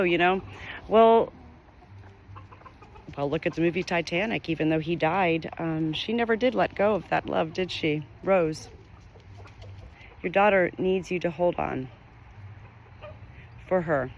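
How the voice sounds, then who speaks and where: A woman's voice: low voice, measured pace, pauses often, a little hiss or hum. A middle-aged woman, a spiritual medium, talking straight to the camera from her farm home, earnest and rambling, repeating her phrases. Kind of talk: direct-to-camera spiritual message.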